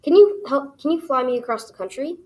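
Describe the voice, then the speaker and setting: Woman voicing a shrill little creature hero. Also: expressive, fairly quick. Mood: eager. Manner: shrill, eager, shouting. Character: small brave excitable male creature, hero.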